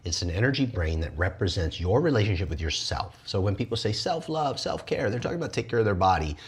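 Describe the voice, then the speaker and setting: A man teaches energy arts with lively, animated delivery, often slipping into high, playful voices for the people he quotes. He talks fast with a husky edge, in the style of animated wellness talk.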